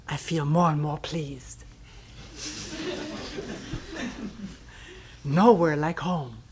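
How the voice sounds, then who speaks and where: A woman giving a reflective retreat talk as a meditation teacher, reading a commentary aloud in a slow, thoughtful way, often dropping to a breathy near-whisper, wry at times. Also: on the low side, big pitch swings, noisy background. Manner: wry, with soft laughs.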